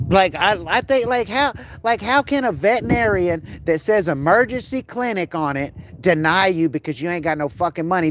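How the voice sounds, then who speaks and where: A man's voice: a little high, sing-song, moderate pace, fairly bright tone, a little hiss or hum. A man, ranting on a casual livestream outdoors, heated, profane and rambling while grieving his dog. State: grieving, upset.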